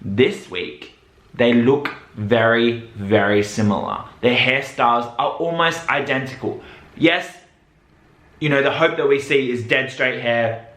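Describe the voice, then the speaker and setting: A man hosting a reaction video, talking casually and excitedly, breaking into high shrieks. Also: unhurried. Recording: roomy echo with faint music.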